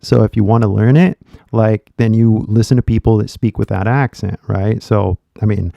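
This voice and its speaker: A man's voice: on the low side, vocal fry, warm tone, dry recording. A man with a Californian accent giving casual livestream English coaching, blunt and rambling with swearing, on dull lo-fi stream audio.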